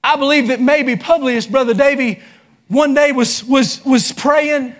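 A man preaching a sermon, building into fervent shouts. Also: very high voice, fairly even intonation, a little slow. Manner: impassioned, rising into shouts.

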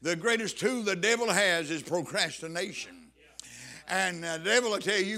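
Fervent high-voiced male preacher. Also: normal speed, sharp tone. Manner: preaching with fervent emphasis and scripture reading. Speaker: pastor. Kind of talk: sermon.

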